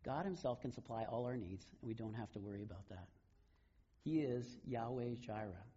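A man preaching a sermon, retelling scripture stories in a relaxed, conversational way. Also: mid-range voice, normal speed, husky, muffled recording. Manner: conversational storytelling, casual paraphrase of scripture. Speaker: pastor.

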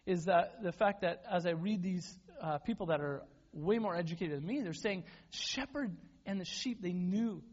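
A man's voice: high-pitched, normal speed, few pauses. A man preaching a sermon as a pastor, conversational and self-deprecating, often restarting his words. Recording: dull lo-fi sound.

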